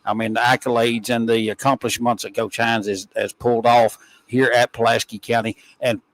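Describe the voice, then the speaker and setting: A man's voice: mid-range voice, moderate pace, no room sound, poor audio. Folksy man calling football. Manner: folksy, rambling, excitable. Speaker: play-by-play announcer. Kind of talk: high school football commentary.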